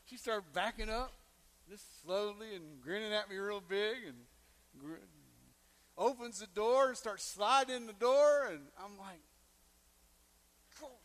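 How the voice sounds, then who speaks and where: Brief: male pastor, high-pitched, animated storyteller preaching a sermon. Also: unhurried, pauses often. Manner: animated storyteller, acting out quoted lines with big swings in loudness.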